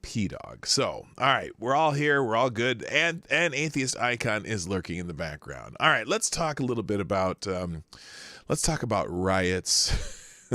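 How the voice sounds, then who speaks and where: Animated rambling man. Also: lowish voice, unhurried, dry recording. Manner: rambling, self-correcting, chuckling asides. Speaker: live show host. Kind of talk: casual live-stream chat, reading viewer names.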